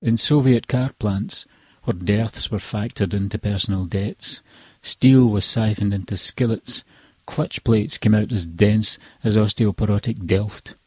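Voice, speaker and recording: A man, a poet, reading his own poems in a measured, deliberate way. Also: on the low side, steady tone, breathy edge, no echo. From Scotland. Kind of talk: poetry reading.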